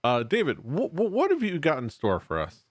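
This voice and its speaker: A man hosting a music podcast with friends, relaxed and jokey. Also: on the high side, moderate pace, no room sound, clean studio sound. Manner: relaxed, jokey, hesitant fillers. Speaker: podcast host. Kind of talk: casual chat.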